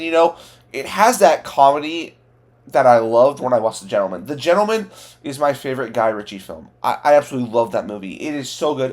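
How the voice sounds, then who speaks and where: A man giving a casual spoken movie review, enthusiastic and rambling, full of "like" and "you know" fillers and restarts. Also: on the high side.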